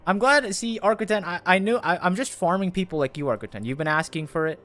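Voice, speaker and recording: A streamer plays a game live and chats casually with his viewers, rambling and talking to chat. His voice sits high, with a quick pace and a fairly bright tone.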